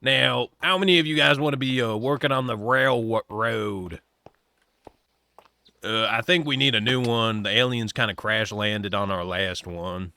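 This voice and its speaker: A man's voice: mid-range voice, a little slow, gravelly, pushed and bright, clear, resonant tone, no room sound. A man livestreaming a game, chatting and joking with his viewers in a put-on cowboy drawl. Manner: joking, teasing the chat. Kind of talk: casual live-stream chat while gaming.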